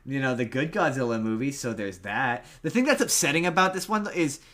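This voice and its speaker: A man's voice: mid-range voice, expressive, brisk, fairly bright tone. Rambling man chatting about movies. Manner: rambling, lots of restarts and fillers. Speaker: podcast co-host. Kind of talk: casual movie chat.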